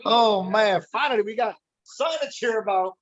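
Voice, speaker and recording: Speaking briskly in a high voice, a man on a livestream reacts casually to his baseball team's playoff game while a little drunk, rambling and laughing. The lo-fi recording is dull and dry with no room sound.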